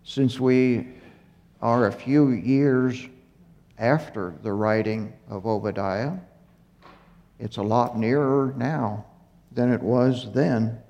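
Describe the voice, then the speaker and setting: A man giving a Bible teaching, speaking slowly and haltingly with fillers and self-corrections, a little out of breath. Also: medium pitch, fairly even intonation, dark tone. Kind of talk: unhurried Torah teaching. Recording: muffled recording in a reverberant hall.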